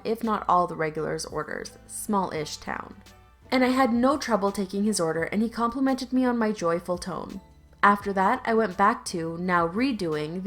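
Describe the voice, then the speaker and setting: A woman narrating online stories aloud in a conversational, lightly sarcastic reading style, with casual asides. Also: medium pitch. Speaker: YouTube story narrator.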